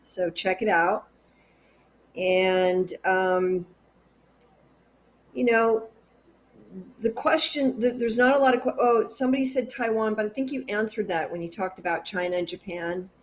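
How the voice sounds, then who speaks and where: A woman on a radio show who reads out listener questions in a hesitant, halting way. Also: mid-range voice, steady tone.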